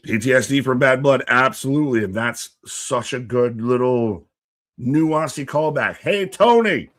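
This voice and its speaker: A man's voice: medium pitch, a little slow. Guy riffing on a live wrestling stream, rambly and hyped, talks to the chat. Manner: rambling, animated, jokey asides to chat. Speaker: watch-along co-host. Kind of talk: live wrestling watch-along commentary.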